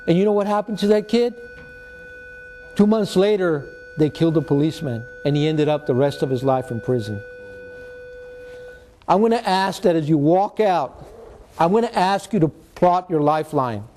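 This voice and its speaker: A retired man, giving an animated storytelling talk to students as a guest speaker and mixing in Spanish slang. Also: on the high side. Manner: animated, mixes in Spanish slang, acts out quotes.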